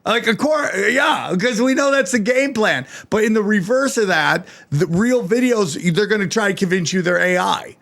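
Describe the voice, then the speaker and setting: A man hosting a podcast in casual, animated chat, swearing freely and calling people "dude". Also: high-pitched, moderate pace, gravelly, hardly any pauses. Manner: animated, profane, says "dude" often. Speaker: podcast host.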